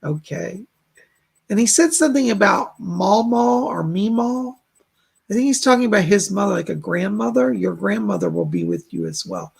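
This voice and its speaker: A man's voice: sits high, creaky, husky. A man hosting a live stream, giving chatty psychic readings and relaying spirit messages with plenty of fillers. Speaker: psychic reader and host.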